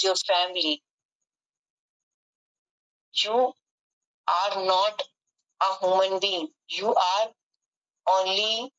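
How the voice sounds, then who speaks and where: A woman's voice: medium pitch, a bit bright, highs cut off. A woman voicing a wife who lectures her husband about giving time to his family, in a reproachful way.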